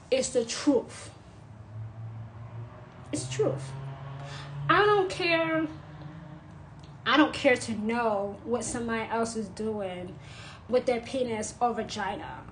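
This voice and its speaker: A woman's voice: on the high side, slight background noise, low-quality recording. Blunt, repetitive woman ranting on camera. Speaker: vlogger. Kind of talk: unscripted monologue rant.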